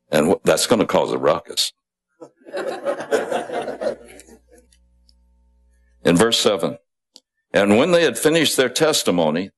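Male preacher, deep voice, unhurried storytelling sermon delivery. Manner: conversational storytelling with asides and chuckles.

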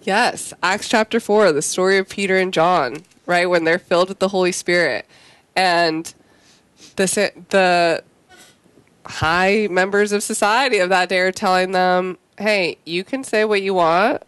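A co-host in a conversational Christian talk show, retelling a story in a quick, animated way. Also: mid-range voice, smooth, no room sound.

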